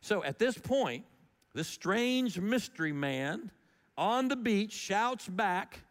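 Man, pastor, conversational storytelling sermon, somewhat high voice, long echoing reverb. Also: slow pace. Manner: conversational, animated storytelling with shifts in loudness.

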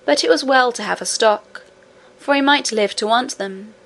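A woman narrating a classic children's storybook in a steady, measured reading voice. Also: on the high side. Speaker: audiobook narrator.

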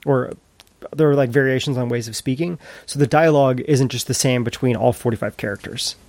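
Man, casual podcast co-host, mid-pitched, dry close sound, enthusiastic, stop-start phrasing. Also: a little mellow, no echo. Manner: enthusiastic, halting with many restarts. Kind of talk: casual chat.

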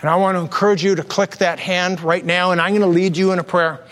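A high-voiced man preaching in a church, with a long hall reverb trailing his words. He is a pastor in his fifties telling personal stories with animated energy, putting on voices when he quotes people. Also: fast. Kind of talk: sermon with storytelling.

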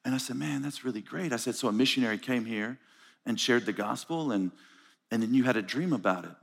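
A man's voice: medium pitch, brisk, gravelly. A man preaching at a conference, telling stories and acting out the dialogue in them. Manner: animated storytelling, acts out dialogue. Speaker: pastor. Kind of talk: conference sermon. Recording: live hall with long reverb.

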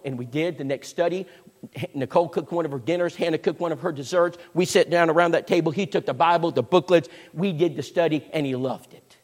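High-voiced preacher in a reverberant hall. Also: male voice, fast. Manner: folksy, animated storyteller. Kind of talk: sermon storytelling. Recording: echoey hall with long reverb.

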